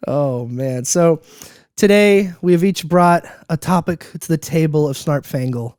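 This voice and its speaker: A man's voice: a little high, measured pace, darkish tone, no echo, clean studio sound. A young man hosting a podcast in casual chat, upbeat and joking, laughing often. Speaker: podcast host.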